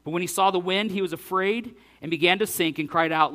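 Animated preacher man, slightly high voice. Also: fast talker, hardly any pauses. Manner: animated, acting out scripture dialogue with big swings in loudness. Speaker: pastor. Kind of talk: sermon with scripture reading.

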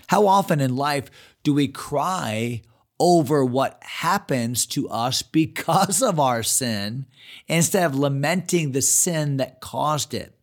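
A man preaching an expository sermon in earnest, paraphrasing scripture in a lively voice, with small restarts. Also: fairly high pitch, takes it slowly. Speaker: pastor. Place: church.

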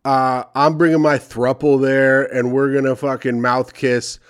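A young man hosting a comedy podcast reads advice letters aloud, then rants about them with sarcastic, profane remarks. His voice is smooth and medium-pitched, level in tone and a little slow.

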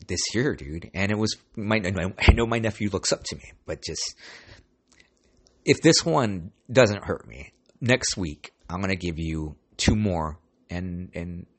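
Husky-voiced man hosting a podcast. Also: on the low side. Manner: rambling storytelling, swears, calls listeners "dude". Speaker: podcast host. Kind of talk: casual solo podcast chat.

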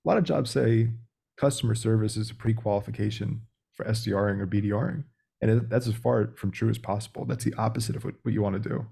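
A man's voice: lowish voice, steady tone, quick pace, gravelly, mellow, husky. A young man speaking as a podcast guest about sales, talking directly and acting out phone calls. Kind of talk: casual interview talk.

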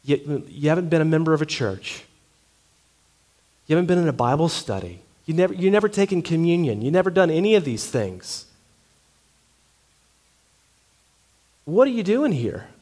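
Preacher doing an officious heavenly clerk, pressing and exasperated. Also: male voice, mid-range voice, very animated, darkish tone. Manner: exasperated, rapid, rising. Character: fussy questioning heavenly gatekeeper, male.

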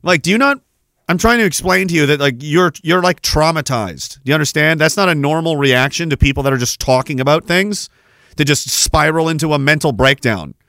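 A man's voice: fairly high pitch, fairly quick, fairly bright tone, dry recording, studio quality. A man hosting a podcast, delivering a profane, rambling monologue rant. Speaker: podcast host. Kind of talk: ranting monologue.

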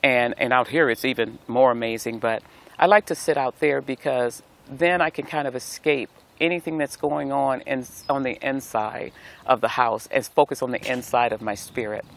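A man's voice: mid-range voice, normal speed, creaky, a bit bright. A middle-aged man giving a devotional talk outdoors, speaking as a pastor with a preacherly cadence and repeated phrases. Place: outdoors in nature.

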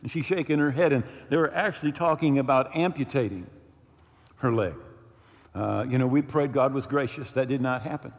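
A man's voice: medium pitch, moderate pace, in a large hall. A man preaching a sermon as pastor, telling a story with many asides and restarts to the congregation. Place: church sanctuary.

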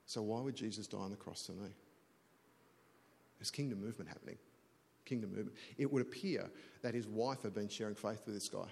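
A man's voice: lowish voice, a little hiss or hum. A middle-aged man preaching a sermon as a pastor, chatty and self-deprecating, telling a story and often restarting words. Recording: long church hall reverb.

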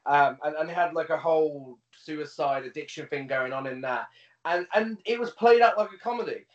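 Here a man co-hosting a podcast speaks at a normal speed in a voice on the high side, reviewing a film in a laid-back chat. Full of swearing and laughter, his storytelling is animated, and the audio comes across as distant, roomy and dull.

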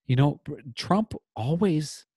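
A man co-hosting a podcast in casual chat, rambling with halting restarts. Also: a little high, lively intonation, darkish tone, slightly rough, dry recording, clean studio sound. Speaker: podcast co-host.

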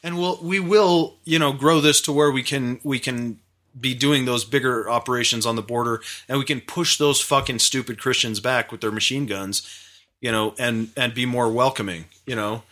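Sweary podcast guy from massachusetts, super bright voice, rambles. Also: medium pitch, normal speed. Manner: profane, rambling, many restarts. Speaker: podcast host. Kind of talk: casual chat.

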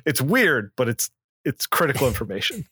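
Very animated and moving at a moderate pace, this podcast co-host has a bright, forceful tone with a breathy edge. He casually recaps a comic book plot with plenty of fillers and restarts, acting out character lines in a lower voice, in a dry, studio-quality recording.

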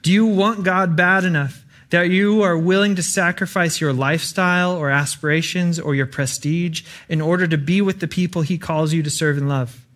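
A man's voice: fairly high pitch, steady tone, moderate pace, few pauses, fairly bright tone. A young adult man preaching an earnest, conversational sermon with frequent fillers.

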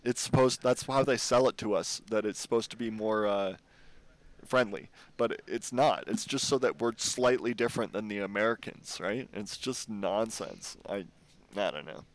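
A man's voice: fairly low pitch, normal speed. A Canadian man co-hosting a podcast, talking casually in a rambling, playful way and swearing often. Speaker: podcast co-host. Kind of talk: casual chat.

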